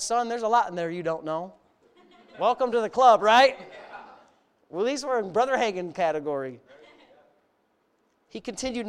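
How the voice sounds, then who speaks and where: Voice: mid-range voice, clear, resonant tone. A preacher giving a sermon, reading a story aloud and stopping to comment and ask the congregation questions, in an earnest, emphatic way.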